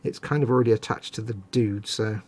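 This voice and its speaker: A man's voice: fairly low pitch, fairly quick, darkish tone. A man hosting a live stream, chatting casually and joking at his own expense while he describes his model building. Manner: chatty, self-deprecating, narrating his work. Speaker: host.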